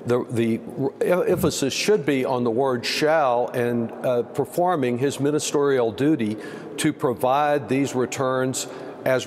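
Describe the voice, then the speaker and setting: A man's voice: mid-range voice, a little mellow. Emphatic male congressman, reverberant line. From Texas. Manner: emphatic, pointed, with many uh fillers. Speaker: congressman, interview guest. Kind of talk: remote news interview. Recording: long reverb, faint background noise.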